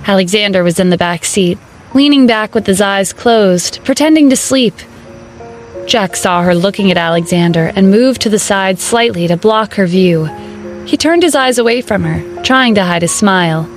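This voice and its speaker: A woman narrating a romance audiobook in an even, steady storytelling manner. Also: mid-range voice, normal speed, faint music behind.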